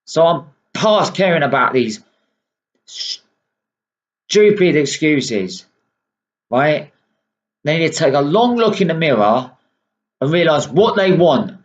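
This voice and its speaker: This male football fan vlogger is unwell and furious at his club, swearing constantly and ending lines with "right?" in an angry monologue. He talks at a normal speed in a slightly high, very animated voice, captured on dull lo-fi audio.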